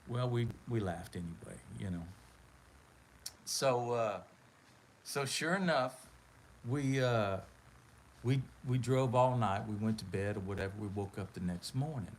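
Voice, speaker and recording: A man's voice: medium pitch, lively intonation, unhurried, a little hiss or hum, poor audio. Laid-back rambling male storyteller. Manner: rambling, laid-back, peppered with "man" and "you know". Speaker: live-stream host. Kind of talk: casual storytelling.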